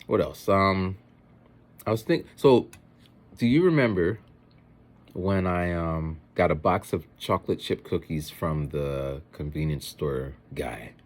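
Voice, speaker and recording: Rambling husky man with a low voice. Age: adult with children. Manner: rambling, animated, mimics other people's voices in quotes. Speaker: vlogger. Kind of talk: casual eating vlog monologue. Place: home, eating a meal.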